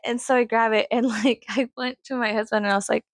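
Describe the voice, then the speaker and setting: A woman's voice: fairly even intonation, a little fast, few pauses, dry recording, studio quality. A young woman from Texas with a faint Texas accent, rambling casually in a vlog, swearing often and acting out other people's voices. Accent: mild Texas. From Texas, USA. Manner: rambling, swears often, acts out quoted voices with big pitch jumps. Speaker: vlogger.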